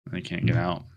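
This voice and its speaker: A man casually recapping a movie plot on a podcast, rambling with restarts and laughing at his own jokes. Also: bright, forceful tone. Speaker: podcast host.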